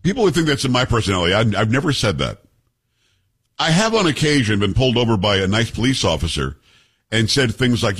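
A middle-aged man hosting a talk radio show, speaking close to a studio microphone. His voice has a husky edge, and he drifts from promos into loose, joking asides with his co-host. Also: mid-range voice, very animated, fast talker, fairly bright tone. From Texas. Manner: chatty, joking, name-dropping asides. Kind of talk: casual radio chat.

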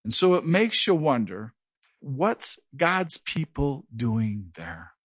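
A man's voice: mid-range voice, big pitch swings, slow pace, husky, no echo. A middle-aged man preaching an earnest verse-by-verse Bible teaching, with a slight stutter. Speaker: pastor. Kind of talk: sermon.

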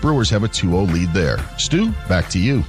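Brisk male sports news anchor. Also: deep voice, sing-song, music in the background. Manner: brisk, newsreader delivery. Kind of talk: news update reading.

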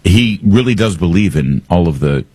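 A man hosting talk radio, delivering combative political commentary. His voice sits very low and has a husky grain. His pitch swings widely as he mocks and scoffs, and the sound is dry, with no room echo. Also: expressive, moderate pace, darkish tone. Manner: sarcastic, combative.

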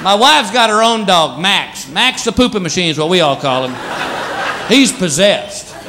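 A married man doing stand-up about his pets, animated, acting out the animals in squeaky voices. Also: normal speed, background noise. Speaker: stand-up comedian. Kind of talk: stand-up routine. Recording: live show with loud audience laughter. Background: audience laughter.

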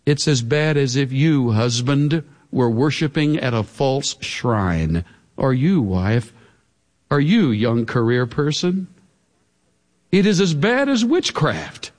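Animated male preacher in a reverberant hall. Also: medium pitch, slow pace. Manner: emphatic, dramatic, with sudden drops to hushed tones. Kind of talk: sermon.

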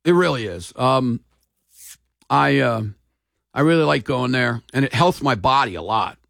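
A man's voice: medium pitch, lively intonation, unhurried, creaky, a bit bright, no echo, studio quality. A middle-aged man hosting a sports radio talk show, telling stories in a folksy, emphatic way.

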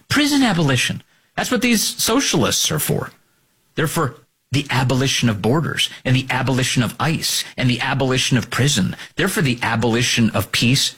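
A man's voice: mid-range voice, fairly bright tone, breathy edge. A man hosting a political talk radio show, combative and sarcastic, mocking opponents in put-on voices. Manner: sarcastic, combative, swings between mocking voices and emphatic outbursts.

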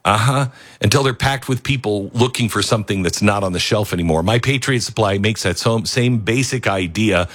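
An older man hosting a talk radio show, rambling and self-mocking as he reads the ads and mocks headlines in high put-on voices. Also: a little fast, hardly any pauses, a bit bright, no echo. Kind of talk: talk radio monologue with host-read ads.

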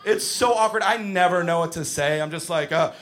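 A man doing a stand-up comedy set on a club stage, animated and breaking into shouted impressions. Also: fairly high pitch, a little fast.

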